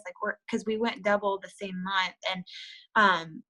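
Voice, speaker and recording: Chatty, bright-voiced woman telling her story. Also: steady tone, moderate pace, low-quality recording. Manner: candid, chatty, heavy use of "like" and "you know"; acts out her past self with sudden high-pitched bursts. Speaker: interviewee, network marketer. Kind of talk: personal story in an interview.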